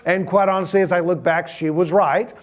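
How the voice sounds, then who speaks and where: A man's voice: sits high, steady tone, a little fast. A middle-aged man, giving a sermon in a conversational, humorous storytelling manner and asking the audience questions.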